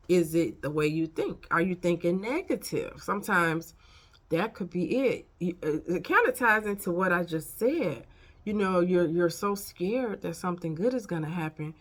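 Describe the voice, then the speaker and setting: A woman's voice: mid-range voice, animated, normal speed. A woman in her fifties giving frank, folksy life advice in a casual vlog, chatting straight to her viewers. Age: 50s. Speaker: life coach. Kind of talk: casual motivational vlog talk.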